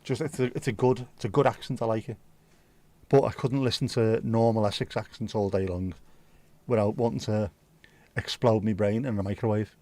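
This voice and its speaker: A man's voice: on the low side, steady tone, a little fast, dark tone, no room sound. Blunt man hosting a live chat. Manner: blunt, opinionated, swears freely. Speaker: livestream host. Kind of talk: casual chat reading viewer comments.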